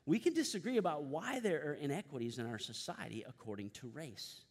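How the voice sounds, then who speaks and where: A man's voice: on the high side, animated, brisk, hardly any pauses. Man preaching a sermon in a reverberant hall. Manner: emphatic, repeats key phrases, leads congregation in recitation. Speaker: pastor.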